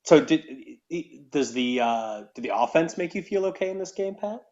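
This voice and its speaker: A man co-hosting a casual sports podcast, dry and steady, keeping the talk on track. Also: on the high side, normal speed, lo-fi sound. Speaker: podcast co-host.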